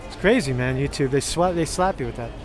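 A man's voice: medium pitch, quick pace, music in the background. A man walking a street festival for his vlog, chatting casually and teasing people he meets. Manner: joking, teasing banter. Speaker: street vlogger.

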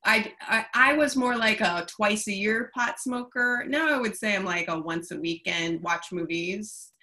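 A woman hosting a casual video call, speaking in a relaxed, candid and wry way. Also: medium pitch, measured pace. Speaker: director, host of the call.

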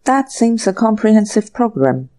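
A woman reading an audiobook, voicing a breezy young gentleman writer who talks casually and nonchalantly. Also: medium pitch, sing-song, moderate pace, pitched above the performer's own voice, natural voice.

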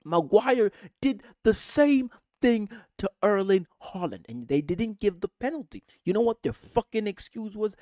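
A man's voice: high-pitched, a little slow, few pauses, no room sound, clean studio sound. A man hosting a football fan channel, delivering an angry, profane rant straight to camera. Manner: furious, profane, animated ranting.

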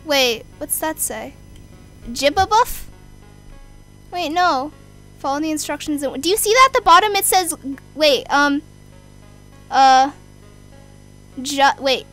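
A young woman commenting on a horror game, easily scared, swearing, shouting and joking at the screen. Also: high voice, expressive, slow pace, pauses often, faint music behind. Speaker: gamer.

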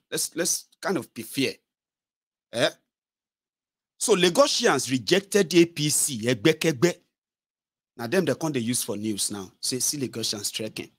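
A man's voice: mid-range voice, husky, no echo, clean studio sound. A man with a Nigerian accent giving casual political commentary, switching between English, Pidgin and Yoruba. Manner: mixes English with Pidgin and Yoruba, animated mimicry.

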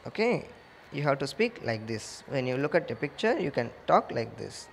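A man with an Indian English accent teaching young pupils, reading slowly through a textbook page and repeating simple words. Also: medium pitch, very animated, creaky, slight background noise.

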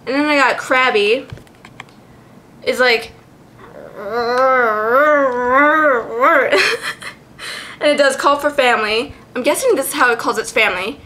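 A woman vlogger chatting casually, giggly and excitable, swearing freely as she goes. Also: high voice, fairly quick. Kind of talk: casual chat.

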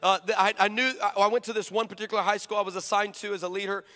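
A male preacher tells a comic story in a high, bright, forceful voice. He jokes with the congregation and acts out both sides of each exchange. His voice carries a long reverb from the hall. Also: racing. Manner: animated, joking, acts out dialogue.

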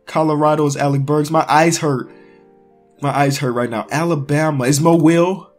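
A man's voice: a little high, moderate pace, faint music behind. A man giving casual running commentary on a sports quiz, talking to himself and crying out in frustration. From Chicago area. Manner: excitable, talks to himself, cries out in frustration. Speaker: sports YouTuber.

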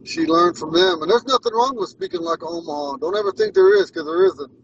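A man's voice: high voice, very animated, a little fast, creaky, slight background noise. Man telling stories, far off mic. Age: 40s. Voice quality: rambling, repeats himself and restarts. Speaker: language teacher. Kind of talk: casual storytelling lesson. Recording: muffled sound from far off the mic.

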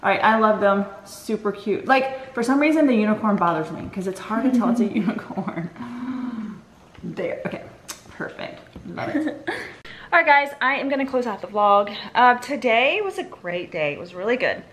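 A woman's voice: medium pitch, animated, moderate pace. A middle-aged woman and mother chatting casually and upbeat at home for a family vlog, rambling from one thing to the next.

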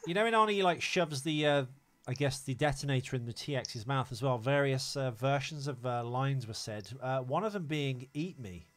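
A man's voice: mid-range voice, moderate pace, fairly bright tone. A man hosting a podcast, rambling with many fillers while explaining film trivia. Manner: rambling, hesitant, lots of fillers. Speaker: podcast host. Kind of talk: casual chat.

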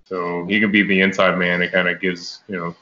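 Rambling game player, man, bright voice, muffled audio. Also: low-pitched, flat delivery, fairly quick. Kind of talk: casual tabletop game chat. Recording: slightly muffled recording.

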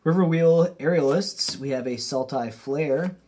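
A young man hosting a casual card-opening video, talking straight to his viewers and getting excitable over what he pulls. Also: a little high, unhurried, a little hiss or hum. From Canada. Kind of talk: casual pack-opening commentary.

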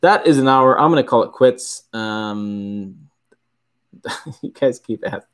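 A man's voice: mid-range voice, takes it slowly. A middle-aged man from Michigan hosting a casual livestream, rambling and correcting himself as he answers viewers' questions. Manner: rambling, self-correcting, chuckles often. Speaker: livestream host.

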